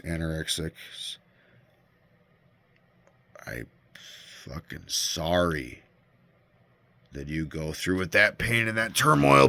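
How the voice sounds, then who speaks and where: A man's voice: deep voice, gravelly, sharp tone, dry recording. A man rambling and ranting in a personal vlog, swearing often and breaking off his own sentences. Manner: rambling, profane, self-interrupting. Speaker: vlogger.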